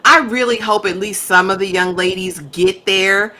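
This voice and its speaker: A woman's voice: mid-range voice, fairly even intonation, normal speed, pushed and bright. A woman co-hosting a TV review, talking frankly in casual, slightly rambling chat. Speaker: co-host reviewing a TV series.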